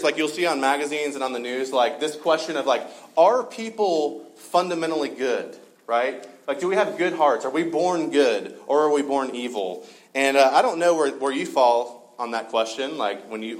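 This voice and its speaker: A man preaching a conversational sermon to a live gathering, relaxed and full of fillers and joking asides. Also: mid-range voice, poor audio.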